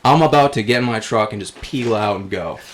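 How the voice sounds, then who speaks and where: A man's voice: fairly low pitch, a little fast, crowd noise. A man guesting on a podcast, telling a story in casual chat, swearing freely and calling his host "dude" as he quotes himself. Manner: animated retelling, quoting himself.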